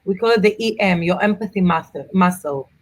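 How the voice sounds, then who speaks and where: A middle-aged woman, an author and mother of four, chatting in an interview and telling travel stories with animated asides. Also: mid-range voice. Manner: animated storyteller, quick asides. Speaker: author and guest. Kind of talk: casual interview chat.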